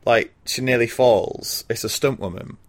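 A man's voice: mid-range voice, unhurried. A man casually recapping a film plot for a podcast, rambling with ums and little laughs. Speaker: podcast co-host.

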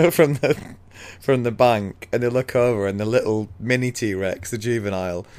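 A man's voice: medium pitch, moderate pace, a little mellow. A man casually retelling a book chapter as a podcast co-host, laid-back and laughing often.

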